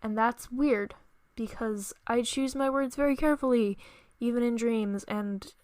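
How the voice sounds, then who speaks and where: Woman podcast host, young adult, slow storytelling delivery, dry close sound. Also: a little high, darkish tone, clean tone, no room sound. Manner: earnest, halting retelling with restarts. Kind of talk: storytelling monologue.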